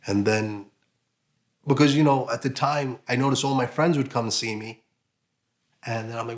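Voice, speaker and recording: A man giving an emotional personal account as an interviewee, halting, with many fillers and restarts. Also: medium pitch.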